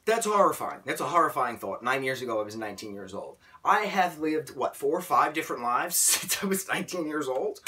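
A man's voice: on the high side, expressive, fairly quick, hardly any pauses, sharp tone, recorded from a distance. A man in his late twenties talking casually in a vlog, emotional and rambling, often restarting his sentences. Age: late 20s. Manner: emotional, rambling, self-correcting. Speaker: vlogger.

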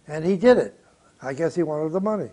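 Older man, high-voiced, bluntly storytelling. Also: fairly quick. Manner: animated anecdotal, blunt and profane, with chuckles. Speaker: record producer. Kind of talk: interview storytelling.

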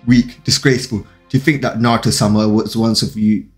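A man's voice: lowish voice, fairly even intonation, fairly quick, faint music behind, natural voice. A man reading as a disdainful otherworldly warrior.

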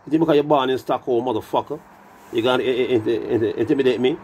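A reggae artist tells a rambling story in loose patois, swearing constantly and drifting into song now and then. His mid-range voice is very fast, with loud music behind him and slight background noise.

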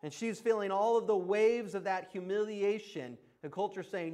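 A man's voice: high voice, normal speed, dark tone. A man preaching a sermon in a conversational, emphatic way, laughing often between points. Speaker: pastor. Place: church.

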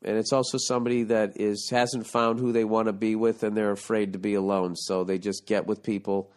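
A man's voice: fairly low pitch, level tone, a little fast, darkish tone. A man hosting a podcast, reading listener letters aloud and giving profane, exasperated comedic advice. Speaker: podcast host.

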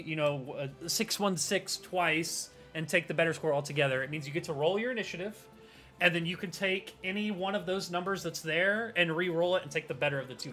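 A man's voice: high voice, pushed and bright. A man narrating as game master for a tabletop game, rambling loosely with hedges.

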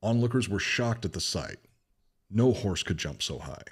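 A man's voice: fairly low pitch, lively intonation, normal speed, husky. A man co-hosting a podcast, reading a legend aloud in a casual way and breaking off to joke and swear. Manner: retells a legend, joking and swearing between passages. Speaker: podcast co-host.

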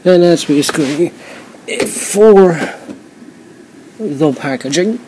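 Man, slightly high voice, rambling toy review, lots of fillers, faint background hiss. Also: lively intonation, takes it slowly. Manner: rambling, many fillers and self-corrections. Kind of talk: casual hands-on toy review.

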